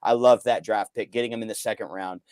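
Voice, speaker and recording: A man talking in an excited, casual way as a sports fan co-host, loud and hyped, swearing and swinging his voice up and down. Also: fairly low pitch, fast talker, smooth, no room sound.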